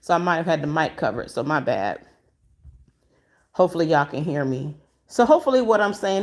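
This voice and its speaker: A woman with a somewhat low voice talks to her livestream chat from home, walking around with her phone in her hand. She is emotional and expressive, calls her viewers y'all, and slides into preaching. She grew up in Michigan. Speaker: livestream host. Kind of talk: casual livestream commentary to a chat. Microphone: phone held in hand.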